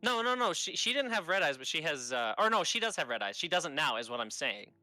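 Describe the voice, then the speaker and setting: A man's voice: fairly high pitch, sing-song, fast talker, pushed and bright, no echo. A young man narrating a tabletop game as game master in a casual way, laughing often.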